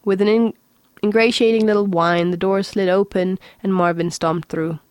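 A woman narrating a science fiction story in a steady, even reading voice. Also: mid-range voice, normal speed, clear, resonant tone, no room sound. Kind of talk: audiobook reading.

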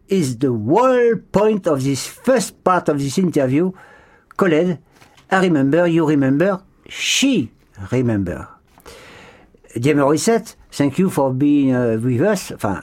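An interviewer, running a comic mock interview in a theatrical, exclaiming way, full of halting fillers. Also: mid-range voice, darkish tone.

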